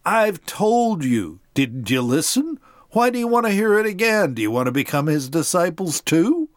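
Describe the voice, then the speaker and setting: Stubborn plain-talking guy who used to be blind, as a narrator does him, lively tone, no room echo. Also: a little high, a little slow, studio quality. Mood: insistent. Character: formerly blind man, plain-spoken and stubborn.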